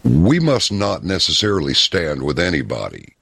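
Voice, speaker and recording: A man talking as a guest in an interview, telling stories in an emphatic, deliberate way. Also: deep voice, huge pitch swings, creaky, fairly bright tone, husky, no room sound. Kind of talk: casual interview talk.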